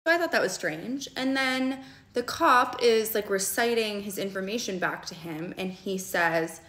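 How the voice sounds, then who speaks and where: A woman's voice: mid-range voice, bright, forceful tone. Candid young woman telling a storytime. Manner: candid and quick, with frequent "okay?" check-ins and swearing. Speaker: storyteller vlogger. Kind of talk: casual storytime monologue. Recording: roomy echo.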